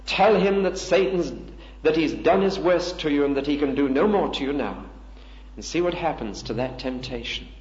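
A man's voice: fairly high pitch, moderate pace, a little mellow. A man delivering a sermon, earnest and emphatic. He asks the listeners rhetorical questions. The recording is dull and lo-fi, with a roomy echo. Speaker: preacher.

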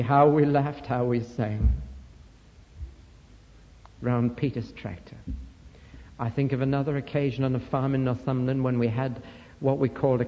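A man's voice: medium pitch, dull audio. Man preaching in a reverberant hall. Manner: warm storytelling, building to fervent emphasis. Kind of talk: sermon storytelling.

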